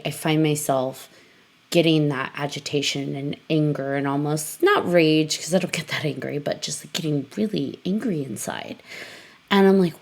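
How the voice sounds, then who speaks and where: A woman hosting a podcast, chatting casually and reflectively, with frequent "like" fillers and quick interjections. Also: deep voice, gravelly, a little mellow. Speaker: podcast host.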